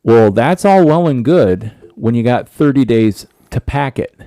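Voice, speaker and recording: A man's voice: mid-range voice, expressive, measured pace, warm tone, dry recording. Tired scratchy-voiced man, rambling. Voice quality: rambling, restarts sentences. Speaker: podcast co-host. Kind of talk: casual chat.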